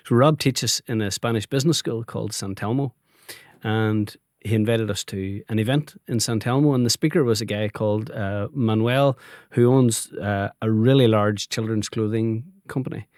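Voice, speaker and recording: A man's voice: on the low side, normal speed, a little mellow, no echo, studio quality. A Northern Irish man, a business owner, telling stories in a friendly, conversational interview. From Northern Ireland. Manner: friendly storytelling, laughs easily. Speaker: guest, family business owner.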